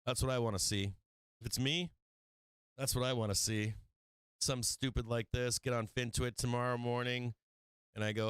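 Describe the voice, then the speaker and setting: A man hosting a live stock market stream, walking through charts in a brash, excitable way with casual swearing. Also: medium pitch, normal speed, long pauses, smooth, dry recording. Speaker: stock market show host.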